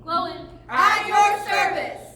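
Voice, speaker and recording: A woman's voice: very high-pitched, sing-song, takes it slowly, fairly bright tone, exaggerated voice. A woman reading the lines of a group of courteous male dwarves introducing themselves formally, in a readers theatre performance. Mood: formal greeting. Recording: very echoey room, distant mic, faint hiss.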